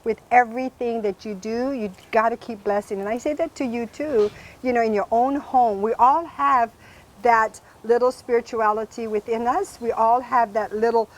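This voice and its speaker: A middle-aged woman hosts a casual chat with big, exuberant energy. She laughs often and talks loudly in a fairly high voice. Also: fairly even intonation, moderate pace. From Hawaii. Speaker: host.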